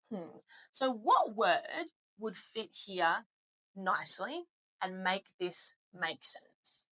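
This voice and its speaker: A woman's voice: mid-range voice, very animated, takes it slowly, fairly bright tone, rough recording. A woman teaching English in a spoken lesson, patient and encouraging as she explains things step by step.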